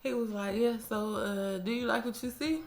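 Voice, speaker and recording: A young woman telling a casual storytime on her own mic, animated and slangy, swearing freely and laughing often. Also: a little high, moderate pace. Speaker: storytime vlogger. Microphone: own microphone.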